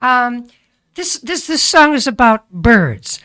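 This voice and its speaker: A woman's voice: medium pitch, expressive, a little slow, a bit bright. A woman on a podcast introducing a song in an earnest, heartfelt way. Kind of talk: casual chat, then singing.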